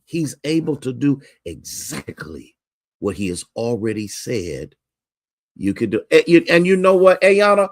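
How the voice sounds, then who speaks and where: A man's voice: mid-range voice, very animated, measured pace, dry recording, clean studio sound. A male pastor preaching a sermon, repeating key lines for emphasis and greeting listeners by name.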